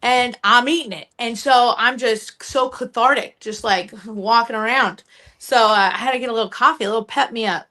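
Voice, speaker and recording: A woman's voice: a little high, moderate pace, bright, forceful tone. A woman in her twenties, a guest on a live podcast, telling stories in casual chat, profane and bubbly, often mimicking other people's voices. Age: 20s. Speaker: guest actress and co-writer.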